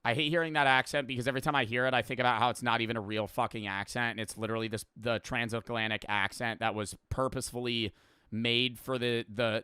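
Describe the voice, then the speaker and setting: A male streamer talks through a video in loose, rambling reaction commentary, peppered with profanity. His voice is bright and crisp, recorded dry and close. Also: medium pitch, dry recording.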